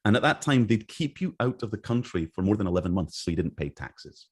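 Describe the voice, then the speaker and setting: A man's voice: lowish voice, big pitch swings, fast, breathy edge. A middle-aged man from England telling stories in a casual interview, rambling with restarts and acting out the dialogue he recalls. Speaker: interview guest, game artist.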